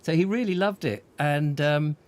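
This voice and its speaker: A man hosting a casual chat show and telling a lively anecdote, chuckling often and restarting his sentences. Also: a little high, normal speed. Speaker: host.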